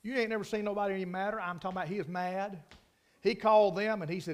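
A man's voice: high-pitched, fairly even intonation, quick pace. A man preaching a sermon, telling stories in a folksy, emphatic way and repeating key phrases. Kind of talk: storytelling sermon.

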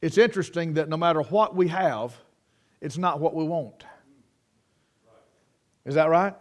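A man preaching a folksy sermon, telling homespun stories and sayings and often restarting his sentences. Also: fairly high pitch. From United States. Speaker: pastor.

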